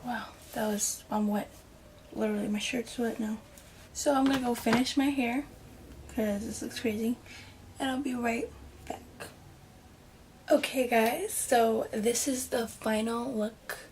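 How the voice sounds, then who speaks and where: A chatty woman beauty vlogger talks through her makeup step by step in a fairly high voice. She rambles and now and then drops into soft muttered asides. A faint hiss sits under her voice. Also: steady tone, measured pace, long pauses. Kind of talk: casual makeup tutorial.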